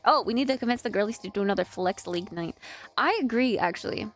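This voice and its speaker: A woman's voice: medium pitch, fast talker. A woman in her twenties, a streamer in casual live-stream chat, giggly and chatty with lots of "like". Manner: giggly, chatty, filler-heavy with "like".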